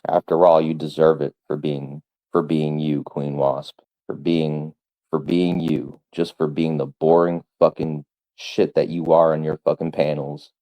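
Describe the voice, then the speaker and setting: Very deep-voiced man in a profane rant. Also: level tone, unhurried, warm tone. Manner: angry, profane, repeats insults. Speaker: livestreamer. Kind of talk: livestream rant.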